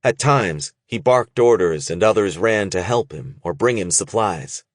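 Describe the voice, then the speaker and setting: An audiobook narrator, a man on the low side, reads his script with measured expressiveness. There's no room sound, just clean studio audio.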